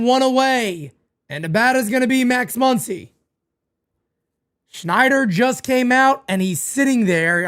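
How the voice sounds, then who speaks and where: A man calling baseball live for a fan watch party, with a lively voice that swings widely in pitch. He chats loosely with viewers, hams things up and circles back to the same phrases. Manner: animated, playfully melodramatic, repeats himself. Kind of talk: live fan play-by-play and chat.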